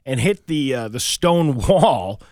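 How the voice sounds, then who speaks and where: A man's voice: medium pitch, sing-song, slow, a little mellow, no echo, clean studio sound. A middle-aged man co-hosting a morning radio show, telling stories in a rambling way full of fillers. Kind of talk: casual radio banter. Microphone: studio mic.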